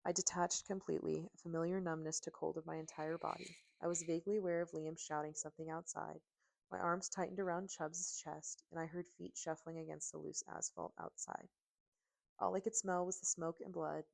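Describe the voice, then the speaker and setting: Low gravelly woman narrating an audiobook. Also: flat delivery, brisk, a little mellow. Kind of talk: first-person audiobook narration.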